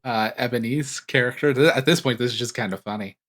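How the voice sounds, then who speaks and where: A man's voice: mid-range voice, a little fast, a bit bright. A man acting as game master on a live stream, setting scenes and joking with his players. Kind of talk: narrating a tabletop role-playing game.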